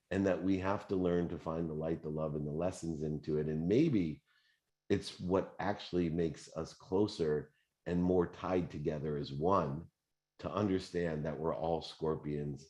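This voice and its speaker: A man in his fifties hosting a live motivational Q&A, talking in an animated, conversational way with plenty of fillers. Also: sits low. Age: 50s. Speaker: host.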